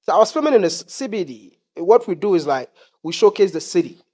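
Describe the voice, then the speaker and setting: A Ghanaian man tells a story in a loose, chatty interview style. His voice sits a little high for a man, and he drops in casual fillers along the way. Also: fast. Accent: Ghanaian English. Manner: relaxed, uses fillers like um and bro. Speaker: travel vlogger.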